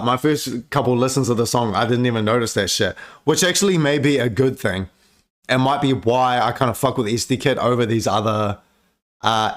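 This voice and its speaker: A man giving casual, profane reaction commentary on music, chatty and laid-back with lots of filler words. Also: mid-range voice.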